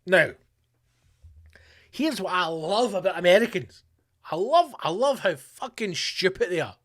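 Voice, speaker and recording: A man's voice: high-pitched, fairly bright tone. A Scottish man hosting a podcast, delivering a profane, sarcastic comedic rant. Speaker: podcast host. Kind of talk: comedic ranting monologue.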